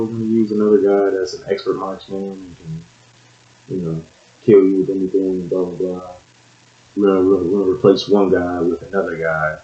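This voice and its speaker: Deep-voiced man ranting about movies. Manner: excitable, swings between loud bursts and mumbled asides. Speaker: movie reviewer. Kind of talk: casual movie review. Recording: echoey room, dull lo-fi sound.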